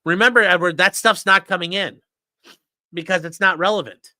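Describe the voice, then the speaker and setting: A man's voice: high voice, normal speed, bright, forceful tone, no echo, studio quality. A man hosting a casual livestream, ranting sarcastically and with profanity while reading out and mocking legal filings. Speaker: host.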